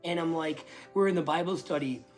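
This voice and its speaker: A young man giving a casual spoken testimony, rambling with lots of "like" and restarts, and bursting into excitement as he relives moments. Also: on the high side, a little fast, soft background music. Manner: rambling storytelling full of "like" and restarts.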